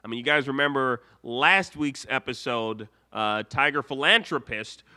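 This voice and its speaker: A man's voice: medium pitch, normal speed, bright, forceful tone. A young man hosting a live show, rambling casually, reading viewer comments aloud and laughing often. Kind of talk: casual live stream chat.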